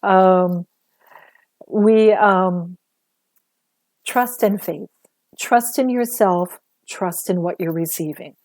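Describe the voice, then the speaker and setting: A woman speaks in a casual livestream talk about spiritual channeling, chatty and earnest, with plenty of ums and little acted-out quotes. Her voice sounds mellow and relaxed, at a middle pitch. The recording is dry and close, with no room sound. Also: very slow, long pauses, dry recording. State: a little sore after a busy day.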